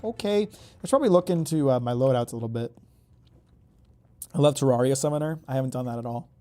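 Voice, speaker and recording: A man's voice: medium pitch, fast talker, dark tone. A man giving casual gameplay commentary, rambling and joking, often correcting himself mid-sentence. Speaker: gaming YouTuber.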